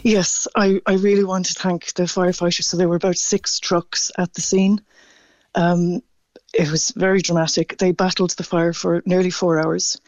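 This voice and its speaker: A man calling in to a radio show, speaking haltingly and stammering as he grows emotional. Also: high-pitched, level tone, dry recording, highs cut off. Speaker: radio caller. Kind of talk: phone-in radio chat.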